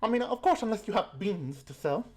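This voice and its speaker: A woman voicing a sweet, fussy old grandmother who runs a farm, in a doting, drawn-out singsong manner. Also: medium pitch, lively intonation, darkish tone, voice pushed up, lightly acted. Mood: welcoming.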